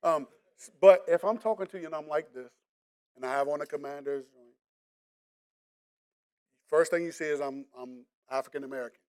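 A man's voice: fairly high pitch, normal speed, pauses often, darkish tone, clean tone. A middle-aged man from the Washington DC area with a local accent, preaching a casual, joking sermon straight to the congregation. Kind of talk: conversational sermon.

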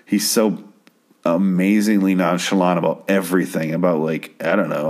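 Deep-voiced man recapping a show, loose and profane, does the characters' lines in passing. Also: fairly even intonation, moderate pace, darkish tone. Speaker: TV episode recap host. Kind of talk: casual rambling recap.

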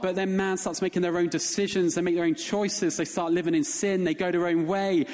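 A man's voice: high voice, brisk, few pauses, a little mellow. A man preaching a sermon as pastor, earnest and emphatic, repeating phrases as he builds his point. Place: church hall. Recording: reverberant church hall.

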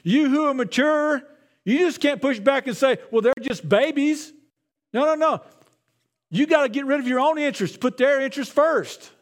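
Guy with a high voice giving a sermon, chatty and loose, repeats himself a lot. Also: moderate pace. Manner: conversational, repeats words. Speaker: pastor.

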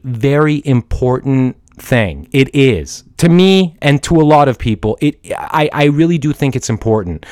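Man, podcast host, rambling film talk, halting restarts, swears, dry close mic. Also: mid-range voice, no room sound. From Iran. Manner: halting, many restarts and fillers, swears freely. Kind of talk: casual rambling monologue. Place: at home with a dog. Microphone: studio microphone.

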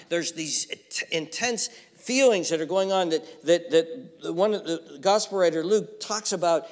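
A man pastor preaching a sermon, swinging from hushed near-whispers to raised, emphatic lines, repeating phrases as he builds. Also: high-pitched. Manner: repeats phrases and restarts words. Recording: long reverb from a large room.

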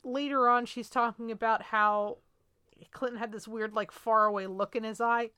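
Woman podcaster filling in movie plot bits, bright crisp voice, dry close mic. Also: on the high side, steady tone, moderate pace, no echo. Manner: chimes in to fill in plot details. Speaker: podcast co-host. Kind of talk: casual film recap chat.

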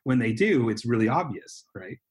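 A man's voice: medium pitch, sing-song, moderate pace, a little mellow. Rambling American man in casual chat. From United States. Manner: rambling, self-interrupting, joking. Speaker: podcast co-host.

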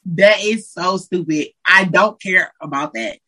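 A woman from Detroit, a Christian hip hop artist, chatting as a guest in an interview, lively and slangy, acting out what her friends say. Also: lowish voice, a little slow, rough recording. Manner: animated, slangy, acts out quotes of friends. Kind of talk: casual interview chat.

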